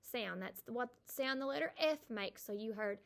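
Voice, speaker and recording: A kindergarten teacher, a middle-aged woman with a drawl, leads a recorded phonics lesson. Her voice is bright and on the high side. She draws out each letter sound slowly and with care. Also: vocal fry.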